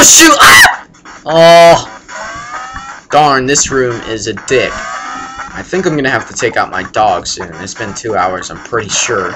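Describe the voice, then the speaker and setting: A young man gives rambling, crude casual commentary while playing a game, breaking into sudden yelps. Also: medium pitch. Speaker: let's play gamer. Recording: game music playing loudly behind.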